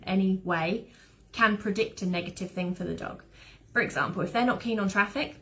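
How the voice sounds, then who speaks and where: A woman's voice: medium pitch, a bit bright. A woman who trains dogs, giving an informal, rambling online talk full of anecdotes. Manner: chatty, rambling, fond of anecdotes. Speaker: dog behaviour trainer.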